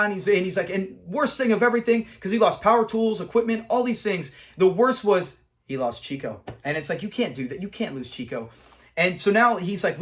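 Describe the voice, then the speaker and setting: A man hosting a casual episode review, animated and acting out lines from scenes. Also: sits high, a little fast. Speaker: show host reviewing episodes.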